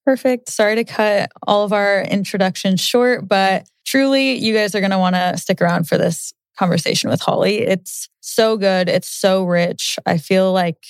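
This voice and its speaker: A woman co-hosting a podcast, reacting to listener notes with quick asides and asking the guest questions. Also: medium pitch, smooth, dry recording. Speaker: podcast co-host. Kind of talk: casual podcast chat.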